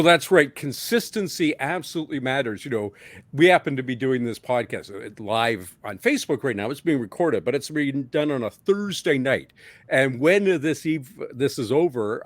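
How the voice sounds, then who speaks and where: A middle-aged man from Canada, the guest author on a podcast, telling stories in a lively way. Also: medium pitch, normal speed, dry recording. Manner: lively storytelling. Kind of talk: podcast interview.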